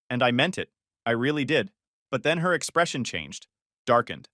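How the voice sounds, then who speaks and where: A man's voice: medium pitch, big pitch swings, moderate pace, pushed and bright, no echo, studio quality. A man narrating a first-person story in a confessional, tense tone.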